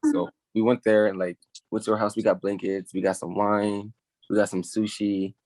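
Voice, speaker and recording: A man's voice: on the low side, level tone, normal speed, darkish tone, no room sound. A young man hosting a podcast, telling a long story in a rambling, casual way, full of likes and restarts. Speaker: podcast host. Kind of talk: casual chat.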